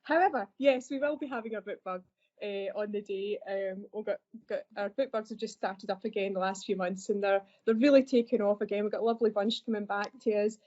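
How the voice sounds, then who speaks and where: Chatty Scottish woman, mellow tone. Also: medium pitch, steady tone, a little fast. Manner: chatty, laughs easily, self-deprecating. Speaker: library assistant. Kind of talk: podcast conversation. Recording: dull lo-fi podcast audio.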